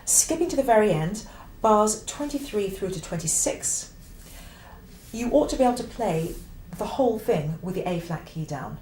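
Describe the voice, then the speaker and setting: A woman's voice: mid-range voice, expressive, moderate pace, darkish tone, a little hiss or hum. Oboe teacher woman in a roomy space. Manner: clear, emphatic, occasionally sings phrases. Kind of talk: instructional explanation.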